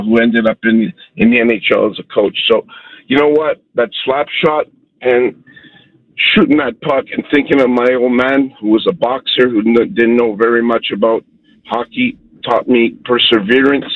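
Middle-aged guy calling a sports show, gravelly husky voice, heartfelt story, dull dry phone line. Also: medium pitch, no room sound. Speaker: caller.

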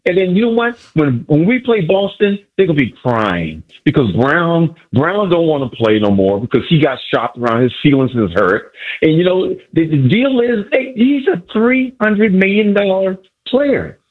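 A man's voice: on the high side, very animated, moderate pace. A man calling into a sports radio show, an exuberant fan who repeats himself and stumbles over his words. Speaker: caller. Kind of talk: excited sports radio call-in. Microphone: phone from a car. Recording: muffled lo-fi phone line.

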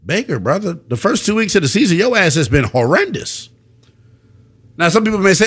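A young man hosts a sports talk radio show, brash and full of slang as he works the phones. His voice sits a little high and swings widely up and down. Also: animated, a little fast, a bit bright. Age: young adult.

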